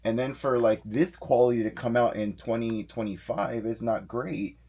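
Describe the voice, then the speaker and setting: A middle-aged man co-hosting a live doll-collecting stream from his home office, reading viewer comments aloud with excited, animated greetings. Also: mid-range voice, moderate pace. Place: home office full of dolls.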